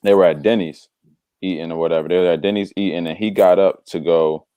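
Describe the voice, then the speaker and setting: A man in casual conversation telling a story, animated and slangy, acting out the voices of the people in it. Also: low-pitched, quick pace, smooth, no echo. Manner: slangy, drops "bro". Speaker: devotional podcast co-host.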